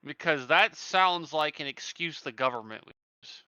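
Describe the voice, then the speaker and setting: A man's voice: a little high, animated, moderate pace, pushed and bright, clear, resonant tone, no room sound, highs cut off. A man playing a tabletop game, joking in a wry way. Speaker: player. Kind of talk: casual tabletop game chat.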